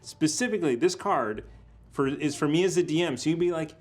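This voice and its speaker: A man's voice: a little high, a little fast, faint music behind. A man running a tabletop game as dungeon master, chatting casually on a live stream with laughs and trailing fillers.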